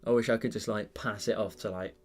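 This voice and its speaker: A man's voice: lowish voice, steady tone, quick pace. A British man hosting an art channel, chatting casually on a live stream while he draws, rambling with lots of fillers and restarts.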